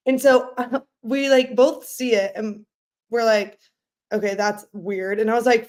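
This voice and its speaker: Casual podcast chat, young woman, slightly high voice, loud and laughing. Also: a little slow. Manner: loud, animated storyteller who laughs often. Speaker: podcast co-host.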